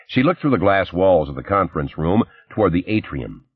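A man reading a first-person crime novel aloud in a measured, understated way. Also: low voice, expressive, husky, no echo. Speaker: audiobook narrator. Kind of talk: scripted first-person narration. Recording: slightly dull, dry recording.

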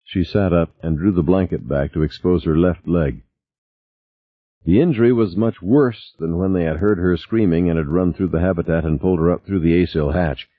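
A man reading a novel aloud as narrator, in an expressive style. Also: sits low, normal speed, dry recording. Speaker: audiobook narrator. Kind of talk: scripted narration. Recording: dry, tinny phone-like sound.

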